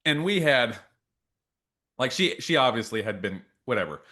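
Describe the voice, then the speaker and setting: A podcast co-host tells war stories in a casual storytelling chat. He has a mid-range voice and speaks at normal speed, animated and acting out quotes loudly.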